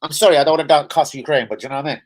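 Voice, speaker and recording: Ranting very fast over a very noisy live football fan stream, this man is angry and profane. His delivery lurches from loud outbursts down to low mutters.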